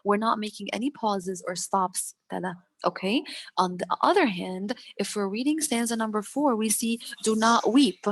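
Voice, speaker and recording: A woman's voice: medium pitch, normal speed. Female teacher repeating explanations. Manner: repetitive, explanatory, fills with "okay". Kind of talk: online English lesson.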